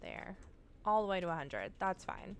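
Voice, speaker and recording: A woman's voice: medium pitch, sing-song, normal speed, slight background noise. A woman live streaming from home, chatting casually and swearing freely as she talks straight to her viewers while setting up a game.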